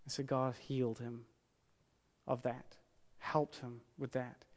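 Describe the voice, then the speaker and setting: A man preaching a sermon as pastor, earnest and emphatic, repeating key phrases slowly for weight. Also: medium pitch, flat delivery. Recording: long hall reverb.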